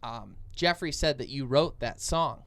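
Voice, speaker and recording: A man's voice: mid-range voice, unhurried, creaky, fairly bright tone. A young man co-hosting a podcast, telling a long dream story in casual chat, full of fillers and restarts. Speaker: podcast co-host.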